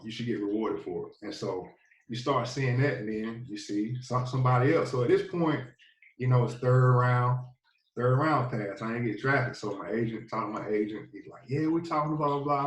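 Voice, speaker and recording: A relaxed man in his thirties with a Southern US accent tells a long story in an easy, rambling way, full of fillers. His voice sits in a middle range. He sounds a little far from the mic in a roomy, echoing space. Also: mid-range voice. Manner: laid-back, rambling, many fillers. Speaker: podcast guest, former football player. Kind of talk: casual storytelling interview. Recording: echoey, a bit distant from the mic.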